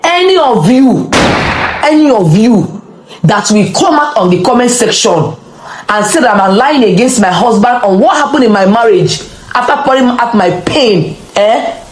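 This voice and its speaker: A woman's voice: fairly high pitch, animated, a little slow, a little hiss or hum. A woman as an interview guest, speaking passionately and repeating her phrases for emphasis as she answers critics. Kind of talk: emotional conversational interview. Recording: echoey room.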